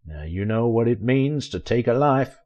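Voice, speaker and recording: A man's voice: mid-range voice, animated, normal speed, a little mellow, highs cut off, voice pushed up, lightly acted. A man voicing a filthy old backwoods bait-shop man who hollers and drawls menacingly in a twang.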